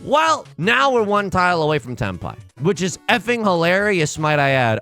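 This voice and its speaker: A man's voice: high voice, big pitch swings, normal speed, few pauses, pushed and bright, faint music behind. A man hosting a let's play, giving casual, rambling, self-deprecating commentary while he plays.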